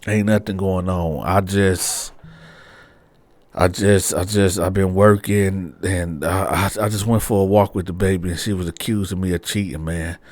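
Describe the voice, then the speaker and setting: A man voicing a slangy, hot-headed young father of about twenty-one who pleads and yells. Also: low voice, steady tone, moderate pace, no room sound, close to an everyday voice. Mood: subdued. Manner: pleading then yelling, slangy.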